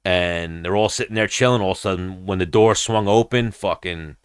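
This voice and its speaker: With a low, clean-toned voice moving fairly quickly, a young podcast host spins a long, profane tale in casual chat. He rambles and acts out the quoted voices of the people involved. It's studio quality, with no room sound.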